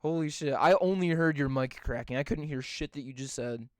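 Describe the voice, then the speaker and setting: A man's voice: on the high side, a little fast, smooth, no echo, clean studio sound. Ranting, foul-mouthed young man. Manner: rambling, swears constantly, ranty. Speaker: podcast co-host. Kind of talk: casual profane chat.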